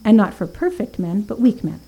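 A woman's voice: medium pitch, sing-song, a little fast, creaky, mellow, breathy edge, poor audio. A woman teaching a Bible study, earnest, reading scripture aloud with emphasis and thinking aloud with small fillers and restarts.

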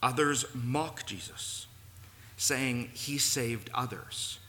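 Bright-voiced preacher in a reverberant church. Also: male voice, medium pitch, slow pace. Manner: earnest, rising to emphatic peaks. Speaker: pastor. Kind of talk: sermon. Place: church sanctuary. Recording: long reverb, faint room noise.

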